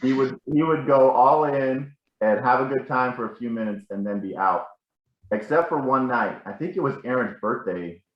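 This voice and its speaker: A man's voice: medium pitch, normal speed, reverberant, dull audio. A man telling rambling, self-correcting stories about a family member at a casual gathering. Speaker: family member sharing memories.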